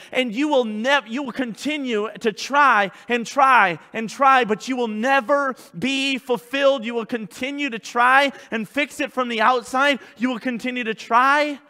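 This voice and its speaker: A male pastor preaching a sermon in a church, swinging from loud shouts to low, quiet passages. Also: steady tone, unhurried, hardly any pauses, big-room sound. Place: church sanctuary.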